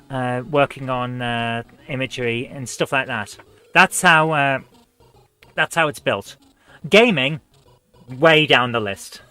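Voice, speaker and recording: A man's voice: medium pitch, bright, forceful tone, clean tone. A man hosting a live retro gaming stream, chatting in a rambling, self-mocking way as he plays.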